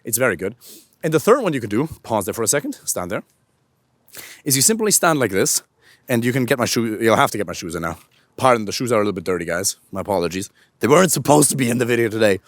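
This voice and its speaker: Animated male coach, lively pitch. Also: quick pace, dry recording. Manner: energetic, animated coaching delivery. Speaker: dating and voice coach. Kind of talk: instructional talk to camera. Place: outdoors in a park.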